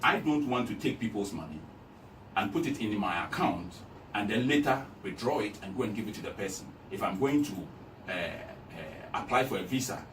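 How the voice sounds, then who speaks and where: A man's voice: on the low side, lively intonation, moderate pace, a bit bright. Emphatic man, echoey and distant. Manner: emphatic, repetitive, campaigning. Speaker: guest. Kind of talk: casual interview talk. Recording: echoey room, distant mic, noisy.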